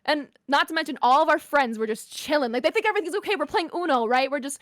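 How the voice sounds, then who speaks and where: Young woman guest, high bright-toned voice, animated storyteller, curses a lot, dry close mic. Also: fast, no room sound. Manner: animated, swears freely, lots of "like". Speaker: podcast guest, streamer. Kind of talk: casual storytelling.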